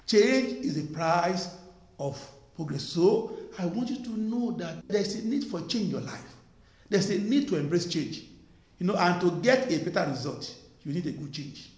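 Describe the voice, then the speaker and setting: A man's voice: sits high, lively intonation, moderate pace, darkish tone. A male preacher delivering an emphatic sermon, repeating his points and firing rhetorical questions at the congregation. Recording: echoey room.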